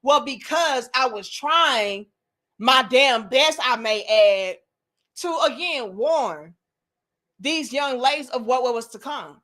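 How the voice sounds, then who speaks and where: Woman host, high voice, outspoken and profane, monologue style. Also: sharp tone. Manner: blunt and profane, slips into mocking quoted voices. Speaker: commentary channel host. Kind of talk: opinionated monologue to camera.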